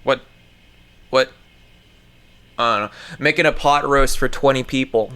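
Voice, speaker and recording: A man's voice: medium pitch, unhurried, sharp tone, clean tone. A man casually reading an article aloud. He rambles, swears often and stumbles over words as he comments along the way.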